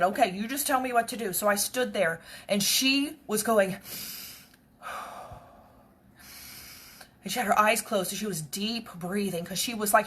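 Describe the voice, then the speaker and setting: A woman's voice: medium pitch, fairly bright tone, husky. A woman earnestly retelling a personal story in a conversational, reflective way, with faith-based encouragement. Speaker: speaker sharing a personal story.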